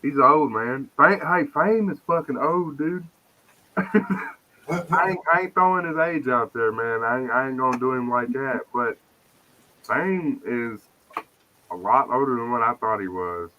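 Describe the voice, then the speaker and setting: A man's voice: medium pitch, measured pace, pushed and bright, slight background noise, low-quality recording. A man talking in casual, profane, joking banter as a guest on a live podcast stream.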